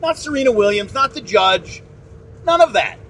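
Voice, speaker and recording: A man's voice: high-pitched, expressive, normal speed, fairly bright tone, slight background noise. A man hosting a podcast, ranting bluntly and indignantly, swearing and repeating himself. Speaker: podcast host. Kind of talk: ranting opinion monologue. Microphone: phone.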